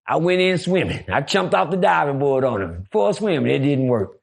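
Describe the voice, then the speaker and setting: A man telling a prison story in casual chat, loud and profane, breaking into shouts. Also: on the high side, big pitch swings, fairly quick, vocal fry. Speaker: podcast guest storyteller.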